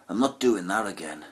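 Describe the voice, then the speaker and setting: A man telling a profane comic story, with chatty asides and laughter. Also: fairly low pitch. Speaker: comedian.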